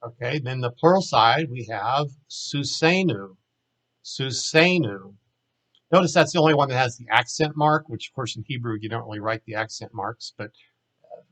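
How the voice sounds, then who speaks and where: A man teaching a recorded language lesson, explaining plainly and saying each example word slowly twice. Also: medium pitch, a bit bright, low-quality recording. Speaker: Hebrew teacher.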